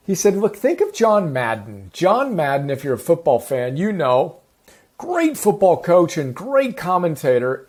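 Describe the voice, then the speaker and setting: A man teaching a self-improvement class in an energetic, enthusiastic, casual way, sometimes correcting himself mid-sentence. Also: a little high. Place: home in the countryside.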